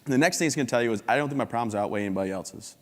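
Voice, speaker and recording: A man's voice: medium pitch, lively intonation, racing, a little hiss or hum. Upbeat joking man in a big hall. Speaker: keynote speaker. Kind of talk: humorous motivational talk. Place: large conference hall. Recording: long hall reverb.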